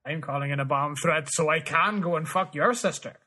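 On a comedy podcast, a male co-host rattles off crude one-liners, switching to a new regional accent on each line in a quick accent sketch. His voice is fairly high, brisk, pushed and bright.

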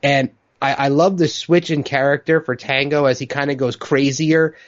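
A man's voice: medium pitch, fairly even intonation, normal speed, lo-fi sound. A man co-hosting a podcast, talking casually and enthusiastically about a movie. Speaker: podcast co-host. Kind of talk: casual film discussion.

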